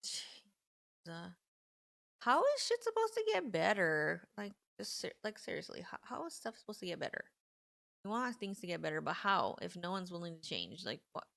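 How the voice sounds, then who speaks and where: A woman in her thirties hosting a casual live stream, talking in an animated, indignant way and saying "like" often. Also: on the low side, moderate pace, creaky, no echo, studio quality. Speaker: livestream host.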